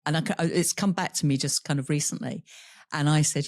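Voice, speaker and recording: A woman's voice: sits low, fairly even intonation, a little fast, a little mellow, no echo, clean studio sound. Candid woman retelling a hard story. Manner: candid, laughs through painful memories; voices other people in quoted dialogue. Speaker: podcast guest. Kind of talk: personal storytelling in an interview.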